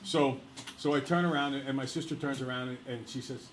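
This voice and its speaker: A male teacher telling a personal story to his class in a lively, laughing way, speaking to the students directly. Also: medium pitch, a little fast, roomy sound, a little hiss or hum, poor audio.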